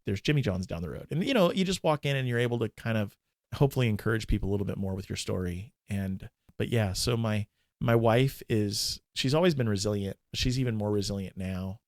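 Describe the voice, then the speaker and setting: A man in his forties, a minister and podcast guest, telling a candid, emotional personal story in a halting way with many restarts. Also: lowish voice, darkish tone, no room sound, studio quality.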